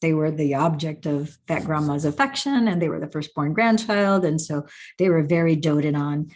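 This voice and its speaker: A woman hosting a show and answering viewer questions, enthusiastic and animated, often breaking into excited exclamations. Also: sits low, normal speed, slight background noise. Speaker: host.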